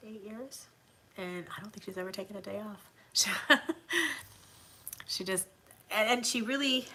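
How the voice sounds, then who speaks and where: A woman hosts a relaxed livestream, talking easily and answering comments from her viewers. Her voice is bright and forward, and she laughs often as she chats. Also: fairly low pitch, gravelly, a little hiss or hum. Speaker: livestream host. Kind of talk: casual livestream chat.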